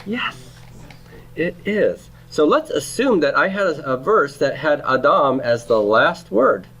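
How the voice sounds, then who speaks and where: A man's voice: fairly high pitch, expressive, measured pace, a bit bright. A middle-aged man teaching a Hebrew grammar class, patient and often checking in with "okay?" and "right?". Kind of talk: classroom lecture.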